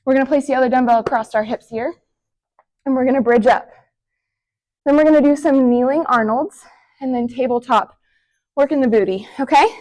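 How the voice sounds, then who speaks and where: A woman's voice: high voice, a little fast, long pauses, darkish tone. Breathless upbeat woman coaching a workout. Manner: encouraging, counting down reps between short breathy exhales. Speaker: fitness instructor. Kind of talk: follow-along workout instruction.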